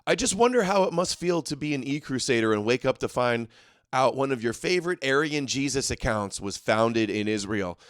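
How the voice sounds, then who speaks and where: A man's voice: mid-range voice, expressive, normal speed, no room sound, studio quality. A man hosting a live political commentary show, talking in a combative, mocking way and arguing with viewers in the chat. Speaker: host.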